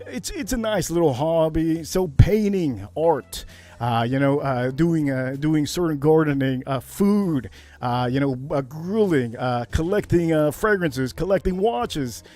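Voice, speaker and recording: Animated rambling male livestream host. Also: on the high side, a little slow. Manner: rambling, animated, gets worked up. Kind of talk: casual whiskey livestream chat. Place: Miami Beach.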